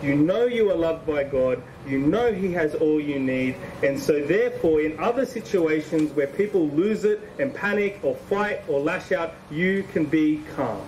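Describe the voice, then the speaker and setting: A man's voice: fairly high pitch, a little mellow, recorded from a distance, slight background noise, poor audio. A man preaching a sermon in a conversational, emphatic way, repeating phrases for stress.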